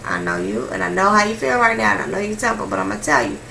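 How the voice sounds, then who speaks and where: A woman voicing her calm, firm father as he soothes his daughter in a slow, low, gentle manner. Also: gravelly, a little hiss or hum, poor audio. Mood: soothing.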